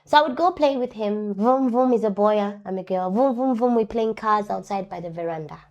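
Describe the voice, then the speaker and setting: A woman's voice: medium pitch, brisk, muffled recording. Woman, interview guest, personal testimony; mid-range voice, earnest, repeats lines for weight. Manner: earnest, repeats key phrases for emphasis; acts out other people's words in lively voices.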